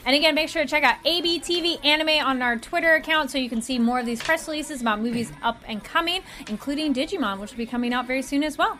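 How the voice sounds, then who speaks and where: A woman's voice: high voice, quick pace, hardly any pauses, sharp tone. A woman hosting a casual after-show chat and reading a sponsor segment, with lots of fillers. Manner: chatty, with many fillers and hesitations. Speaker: host.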